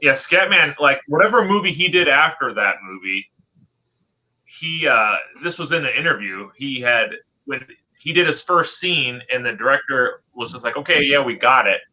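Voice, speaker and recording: A man co-hosting a casual movie podcast, talking in a halting way with many restarts. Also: medium pitch, lively intonation, pushed and bright. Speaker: podcast co-host. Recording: dull lo-fi sound.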